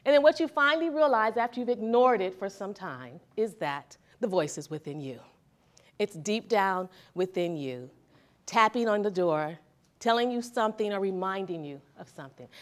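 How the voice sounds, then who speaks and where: A woman therapist giving a motivational talk to a seminar audience, talking conversationally and often checking in with the audience. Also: mid-range voice. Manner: conversational, asks the audience questions. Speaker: therapist and speaker.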